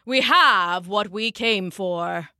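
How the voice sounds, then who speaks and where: A woman voicing a sinister male warlock who gives quiet, cold orders in a storybook. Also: mid-range voice, slow pace, no room sound, studio quality, exaggerated voice. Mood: coldly commanding.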